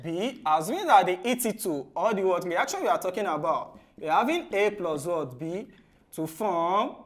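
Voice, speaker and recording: A man teaching chemistry for exam preparation. He ends nearly every phrase with "what?" and then answers it himself in a low, soft voice. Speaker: chemistry tutor. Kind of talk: exam-prep lesson.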